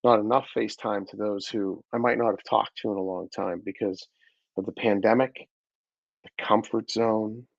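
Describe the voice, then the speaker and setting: Earnest man with a gravelly voice. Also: lowish voice, fairly even intonation, moderate pace, no room sound, lo-fi sound. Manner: earnest, searching, with frequent restarts. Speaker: host. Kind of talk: reflective weekly talk.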